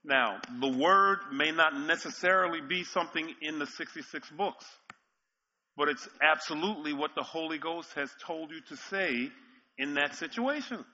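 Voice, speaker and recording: A man's voice: a little high, moderate pace, bright, forceful tone, lo-fi sound. A male pastor preaching a sermon, telling stories with emphatic repetition and frequent chuckles. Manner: storytelling, emphatic, chuckles often.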